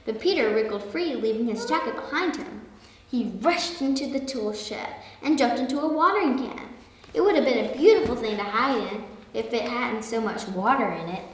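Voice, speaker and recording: A woman reading a children's story aloud, slow and expressive. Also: fairly high pitch, a little hiss or hum. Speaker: story reader. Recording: echoey hall, far from mic.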